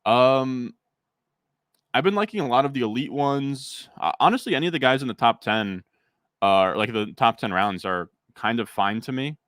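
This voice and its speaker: A man's voice: medium pitch, normal speed, fairly bright tone, smooth, no echo. A young man streaming a fantasy football draft, chatting casually with his chat and rambling through fillers.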